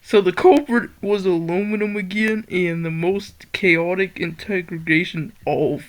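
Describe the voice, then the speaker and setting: A woman's voice: fairly low pitch, a little slow. A young woman reading a funny story aloud, amused and breaking into laughter as she reads.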